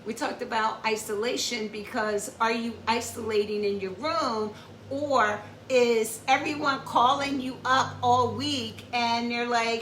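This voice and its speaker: Recorded in an echoey room at some distance from the mic, with slight background noise, this host speaks in a slightly high, bright voice with fairly even intonation and a measured pace. She walks through her informal lesson step by step, restating points and asking "okay?"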